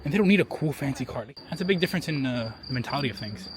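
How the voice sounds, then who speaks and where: A man's voice: medium pitch, lively intonation, rapid-fire, a little hiss or hum. Profane young man vlogging on city streets. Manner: profane, rambling storyteller. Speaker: travel vlogger. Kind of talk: casual travel vlog.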